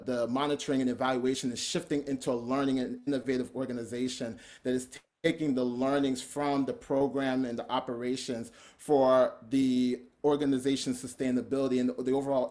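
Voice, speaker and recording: A man's voice: mid-range voice, fairly even intonation, fairly quick, a little mellow. A man explaining a program at length as a panelist. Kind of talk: panel discussion.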